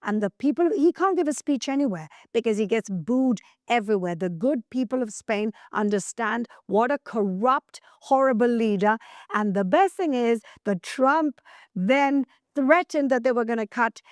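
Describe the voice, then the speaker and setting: Emphatic woman host, high-ish and dry. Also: animated, no room sound. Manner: emphatic and scolding, with slowed, stressed words. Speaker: news show host. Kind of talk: opinion commentary.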